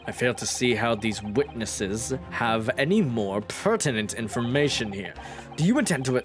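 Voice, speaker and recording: A man's voice: mid-range voice, animated, music in the background, voice pushed down, lightly acted. A man voicing a grave, formal male judge in a courtroom video game. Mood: stern. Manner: measured, formal pronouncements.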